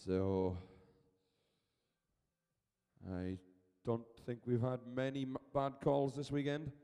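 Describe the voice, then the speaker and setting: A man giving brisk, chatty live commentary as the arena announcer, urging officials along and calling the race. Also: medium pitch, warm tone, clear, resonant tone, in a large hall. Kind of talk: live sports commentary over a public address.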